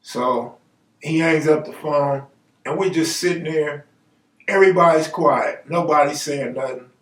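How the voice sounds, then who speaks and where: A man with a fairly high voice tells true stories in a loose, slangy way and acts out the voices of the people in them. He sounds a little away from the mic. The room adds a noticeable echo. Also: measured pace, a bit bright. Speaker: storyteller host. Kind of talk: casual true-story telling. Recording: roomy, distant mic.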